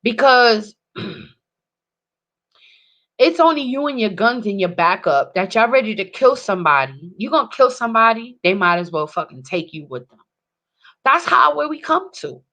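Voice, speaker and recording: A woman delivering an angry, profane monologue to camera, swinging between loud outbursts and low muttering. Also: very animated, normal speed, long pauses. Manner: heated, profane ranting.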